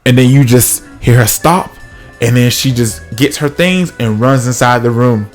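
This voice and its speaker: A man's voice: medium pitch, normal speed, soft background music. A man casually telling a comic personal story, acting out the other people's voices.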